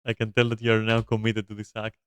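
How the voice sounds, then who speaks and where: A man's voice: lowish voice, completely flat delivery, fast, smooth, no echo. A young man streaming a video game, chatting casually to his viewers in a rambling, swearing, laugh-prone way. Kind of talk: casual gameplay commentary to chat.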